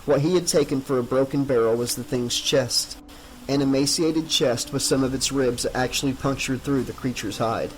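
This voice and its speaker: A man narrating a horror novel as an audiobook in a measured, dramatic reading. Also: mid-range voice, a little hiss or hum, rough recording.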